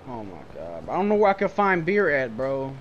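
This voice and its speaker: A man's voice: mid-range voice, huge pitch swings, moderate pace, muffled recording, slight background noise. A young man cursing and ranting in exasperation while playing a game, in loose casual gameplay commentary. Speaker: gamer.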